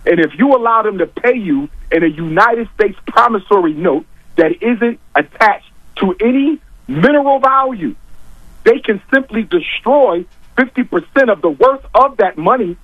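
A man's voice: high-pitched, animated, normal speed, no echo. A man arguing his points emphatically on a talk show, repeating key lines for weight. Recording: dull, dry lo-fi audio.

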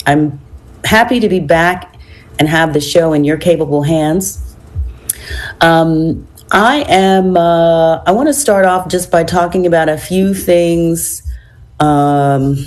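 A low-pitched woman hosts a radio talk show, her voice hoarse with a froggy, raspy edge from a cold. Her tone is dark and mellow, and she speaks in a measured way, filling pauses with ums and uhs.

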